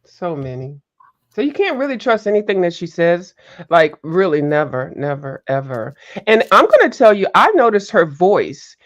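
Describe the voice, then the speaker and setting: A woman's voice: lowish voice, moderate pace. A woman panelist gossips and cuts in during a casual online chat. Her voice comes through dull, lo-fi remote audio. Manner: animated gossiping, interjecting.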